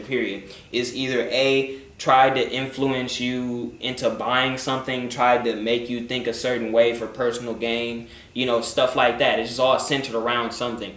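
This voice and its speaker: Here a young man with a mid-range, slightly bright voice chats loosely through viewer questions, cracking jokes, swearing a lot, and letting his words tail off into mumbles. The audio is roomy, taken from a distance, with some faint background noise.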